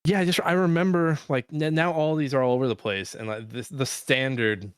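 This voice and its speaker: Man with a smooth voice chatting on a podcast. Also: medium pitch, fairly even intonation, fairly quick, no room sound, studio quality. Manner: swears freely and laughs while talking; rambling, many restarts and fillers. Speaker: podcast co-host. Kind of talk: casual chat.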